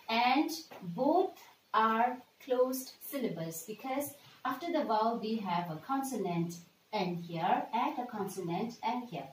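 A woman's voice: fairly high pitch, echoey room, recorded from a distance, a little hiss or hum, rough recording. A woman teaching a lesson, patient and repeating words, often checking with "right?". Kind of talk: classroom lesson for children.

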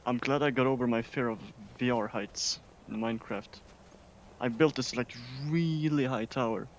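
A man from Sweden giving casual, excitable gameplay commentary as a streamer, swearing often. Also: mid-range voice, moderate pace. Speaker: gaming streamer.

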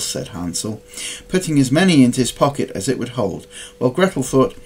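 A man reading a storybook aloud in an expressive, dramatic way. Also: mid-range voice, moderate pace, slight background noise, poor audio. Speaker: storybook reader.

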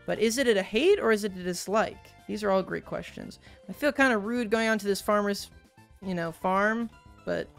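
A woman's voice: medium pitch, normal speed, soft background music. A woman giving playful, jokey gameplay commentary as she plays a farming game and talks to her viewers. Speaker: gaming video host.

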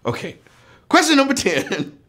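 A man hosting a live trivia game show, playful and joking, with loud whoops. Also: very high voice, huge pitch swings, moderate pace, background noise.

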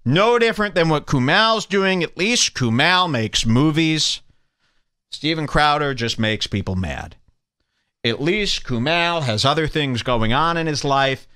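Animated mock-preachy podcast host man. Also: fairly high pitch, measured pace, clean tone, no echo, clean studio sound. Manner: mock-preachy, sarcastic exhortation. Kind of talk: ranting comedic monologue.

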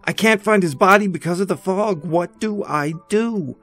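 A man voicing a panicked driver frantically babbling into the phone after a crash, his voice raised high and loud. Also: moderate pace, faint music behind. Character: panicked man who just hit someone, frantic.

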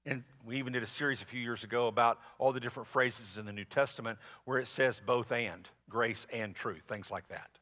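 A man preaching a sermon as pastor, in a conversational, animated way with asides to the congregation. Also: mid-range voice, fairly quick, hardly any pauses. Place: large church sanctuary. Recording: long reverb of a church hall.

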